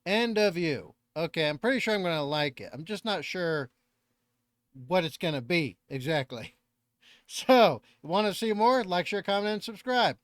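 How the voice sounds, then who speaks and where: A man's voice: high voice, animated, moderate pace, no room sound, clean studio sound. Rambling man with a Southern twang. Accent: Southern American. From Northern California. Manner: rambling, self-deprecating, swears casually. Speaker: reaction channel host. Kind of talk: casual reaction commentary.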